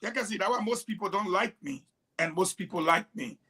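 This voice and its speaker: A man's voice: high voice, a little fast, bright, forceful tone, husky. A man with a Liberian English accent hosting a political talk show, delivering heated, scolding commentary with rhetorical challenges.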